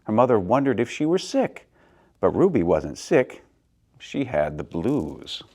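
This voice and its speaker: Lively man reading a picture book aloud. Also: lowish voice, unhurried. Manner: expressive, swoops between soft and loud. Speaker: storyteller, theater director.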